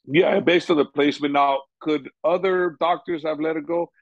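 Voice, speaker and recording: A man's voice: a little high, steady tone, moderate pace, vocal fry, no echo. A man who coaches fighters, speaking in a casual interview, rambling and repeating "you know" often. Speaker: MMA coach. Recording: dull lo-fi sound.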